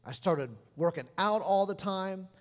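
A middle-aged man preaching a sermon as pastor, animated and expressive, lively in his delivery. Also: high-pitched, measured pace. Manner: animated preaching, lively mimicry of scolding parents. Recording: long hall reverb.

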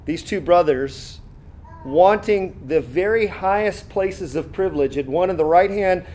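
A man preaching a sermon in a conversational way, reading scripture aloud and pausing to comment, with many fillers and restarts. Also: sits high, a little mellow. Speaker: pastor.

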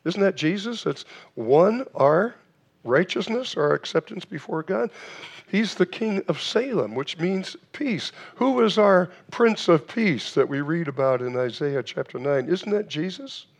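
A man's voice: high voice, animated, measured pace, creaky. A man preaching a sermon in a church, asking rhetorical questions, with frequent restarts and fillers. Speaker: pastor.

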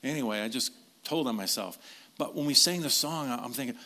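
Bright-voiced man preaching a casual sermon. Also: mid-range voice, brisk. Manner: conversational, animated preaching with asides. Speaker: pastor.

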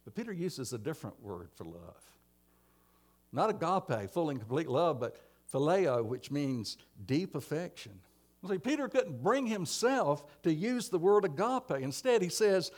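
Male preacher, slightly high voice, dramatic loud-to-soft delivery, church sermon. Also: sing-song, a little slow. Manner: dramatic swings from emphatic to hushed.

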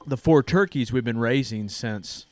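A man's voice: medium pitch, measured pace, darkish tone, no room sound. A man in his thirties hosting a church podcast, telling a story in a casual, earnest way. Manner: earnest storytelling, frequent restarts. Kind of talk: casual chat.

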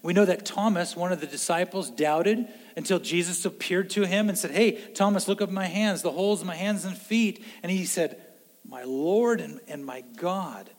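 A man preaching a sermon in an earnest way, swinging between loud emphasis and hushed low lines. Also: normal speed, big-room sound. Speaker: pastor.

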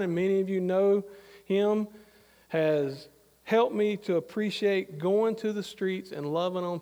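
A man's voice: sits high, vocal fry, in a large hall. A middle-aged man preaching a sermon, talking in a conversational, anecdotal way full of asides. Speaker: pastor.

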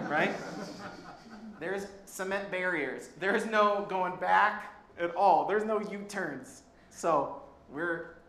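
A man preaching a sermon, telling a travel story in a conversational, animated way with occasional laughs. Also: high-pitched. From Colorado. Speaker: pastor. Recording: roomy hall sound with faint background noise.

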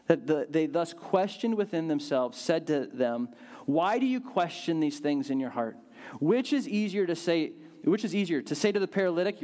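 A man preaching a sermon, telling a Bible story in a lively way and acting out the quotes with big swings in his voice. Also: a little high. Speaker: pastor.

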